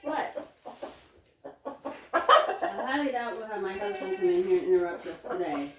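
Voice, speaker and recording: A woman homesteader chatting casually while milking her goats, sliding into a high sing-song coaxing voice when she talks to her animals. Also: expressive, measured pace, a bit bright, slight background noise. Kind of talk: casual chat while doing farm chores. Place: indoor barn or milking shed with chickens. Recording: roomy barn, distant mic, faint clucking. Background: chickens clucking.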